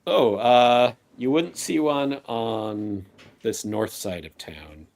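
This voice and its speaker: A man narrating a tabletop game as game master, unhurried and rambling with many fillers. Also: mid-range voice, gravelly, a little mellow.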